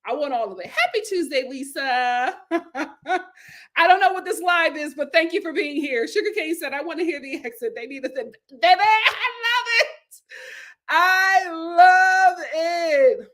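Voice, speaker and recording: A woman hosting a casual live stream, reading viewer comments aloud, laughing often and breaking into loud exclamations. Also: high-pitched, moderate pace.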